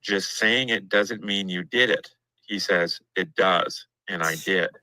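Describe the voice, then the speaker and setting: A man reading courtroom notes aloud in a steady, matter-of-fact way as a guest on a livestream discussion. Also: sits low, takes it slowly, no room sound, low-quality recording.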